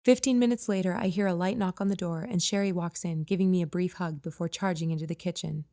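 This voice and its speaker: A woman reading her own novel aloud as a first-person audiobook narrator, plain and even. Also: on the low side, quick pace. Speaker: author and narrator.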